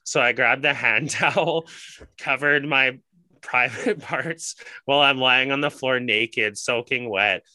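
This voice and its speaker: A young man with a bright, forceful tone tells a story in loose podcast chat. He rambles, swears freely and leans on "like" constantly. The sound is close and dry, with no room around it. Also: mid-range voice, unhurried, no room sound. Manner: rambling, profane, heavy use of "like".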